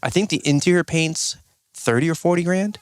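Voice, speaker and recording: Brief: male podcast host, smooth resonant voice, dry close mic, lively storyteller. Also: on the high side, a little fast, no echo. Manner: animated storyteller, acts out quotes. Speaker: podcast host, lawn business owner. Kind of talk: casual chat.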